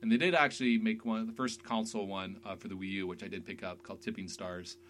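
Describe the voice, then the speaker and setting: Man, podcast host, lowish voice, chatty and excitable, faint hum behind. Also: fast talker. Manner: chatty, excitable, many fillers. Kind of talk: casual chat about video games.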